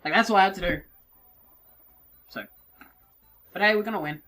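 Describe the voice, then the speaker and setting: A woman giving casual, self-mocking let's play commentary, swearing and moving around her mic so her level swings between yelling and mumbling. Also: medium pitch, moderate pace, faint music behind. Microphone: desk mic, moves around it while playing.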